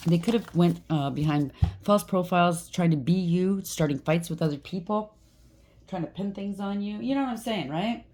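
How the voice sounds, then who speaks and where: Woman doing a tarot reading, low mellow voice, blunt and fired up, slight hiss behind. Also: moderate pace. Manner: blunt, heated, talks to the listener with frequent "okay?". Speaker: tarot reader.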